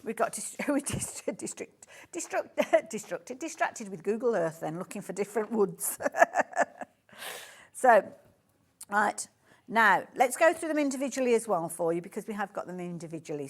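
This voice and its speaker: A woman's voice: medium pitch, expressive, normal speed. A woman with a Birmingham accent presenting on a live shopping channel, chatty and gushing, often breaking off mid-sentence. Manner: chatty, gushing, self-interrupting. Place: TV studio.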